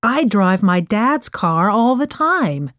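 A woman's voice: mid-range voice, sing-song, takes it slowly, a bit bright, dry recording, studio quality. A woman voicing a cheeky teenage troublemaker boy in a storybook reading, breezy and teasing.

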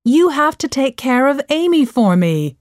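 A woman's voice: sits high, sing-song, slow pace, darkish tone, no room sound, studio quality, pitched above the performer's own voice, heavily acted. A woman voicing a tired, stern mother in a storybook reading, scolding in a raised voice.

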